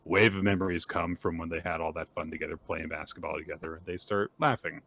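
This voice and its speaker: A man co-hosting a manga podcast, casually recapping chapters and acting out characters' lines with lively energy. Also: low-pitched, quick pace, vocal fry, no echo.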